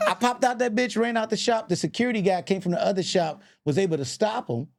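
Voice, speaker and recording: High-voiced and creaky, this fast-talking man in his forties is a comedian and actor guesting on a podcast. His animated storytelling is profane and full of impressions of other people, with plenty of laughter.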